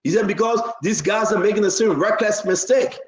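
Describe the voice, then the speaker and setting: A man hosting a live political talk show, rambling and repetitive, now and then bursting into shouts. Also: high voice, a little fast, roomy sound, rough recording.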